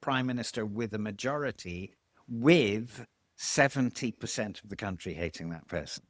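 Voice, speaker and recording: A man, a voice coach explaining vocal tones in an interview, demonstrating by swinging his pitch high and low. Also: moderate pace, no echo, clean studio sound.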